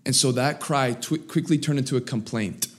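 A man preaching a sermon, swinging between raised, emphatic lines and low, quiet asides. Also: normal speed. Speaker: pastor.

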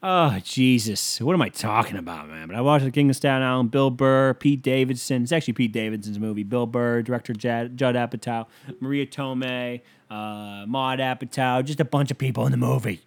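A young man hosting a podcast alone, rambling through a profane, casual story and now and then breaking into loud whoops. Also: mid-range voice, brisk. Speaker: podcast host. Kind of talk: casual solo podcast rant.

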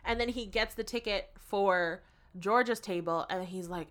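A woman's voice: mid-range voice, moderate pace. A woman co-hosting a podcast, casually recapping a film scene by scene and acting out the characters' lines in mock voices. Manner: animated retelling, acts out lines in mock voices. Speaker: podcast co-host.

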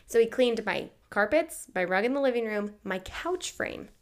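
A woman's voice: fairly high pitch, expressive, normal speed. A woman co-hosting a podcast, chatting casually in a bubbly way and laughing easily. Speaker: podcast co-host. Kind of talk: casual chat.

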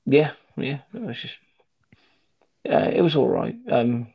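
A man's voice: medium pitch, sing-song, a little slow, gravelly, husky. A man telling a rambling, sweary anecdote in casual chat with friends, full of fillers and restarts. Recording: dull lo-fi recording.

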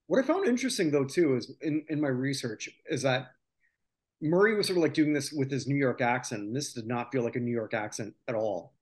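A man's voice: mid-range voice, expressive, brisk, a little mellow. A man hosting a casual podcast chat, sharing chart research and trivia with his co-hosts. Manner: chatty, shares research and trivia. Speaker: podcast host.

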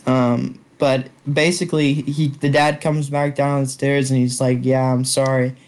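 A man's voice: mid-range voice, flat delivery, a little slow, a little mellow. A young man telling a long story to friends over a call, rambling with lots of fillers and swearing. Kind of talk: casual chat. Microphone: online call.

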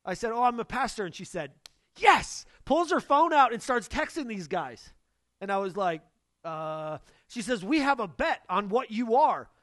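Young man, pastor, sermon, high-pitched, animated storyteller, dry close sound. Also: normal speed, dry recording. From Northern US. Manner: animated storytelling, acts out dialogue. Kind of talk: sermon with personal stories.

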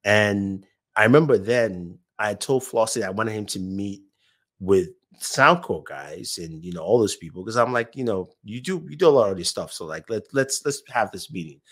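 A man's voice: fairly low pitch, expressive, moderate pace, a bit bright. A man, a YouTuber guest, telling anecdotes in casual chat, acting out the voices of people he quotes and laughing often.

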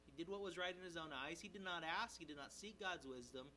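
A male pastor preaching an expository sermon in a conversational, animated way, checking in with his listeners and briefly acting out the characters' lines. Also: a little high, a little hiss or hum, rough recording. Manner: animated, voices the characters' lines in quick asides. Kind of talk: sermon, expository Bible teaching.

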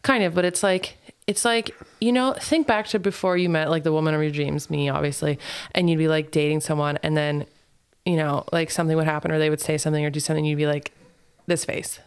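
Low voiced young woman just chatting with her husband, cussing and teasing. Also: steady tone, a little fast, clear, resonant tone, no echo. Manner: swears freely, chatty and teasing. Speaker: podcast host. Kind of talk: casual couples chat.

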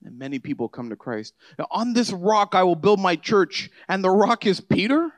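A man delivers a sermon in a conversational style, talking to his listeners rather than at them. His voice sits a little high for a man, and it builds toward emphatic declarations. The sound is close and dry, with no room echo. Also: sing-song, normal speed. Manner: conversational preaching, rising to emphatic near the end. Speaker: pastor.

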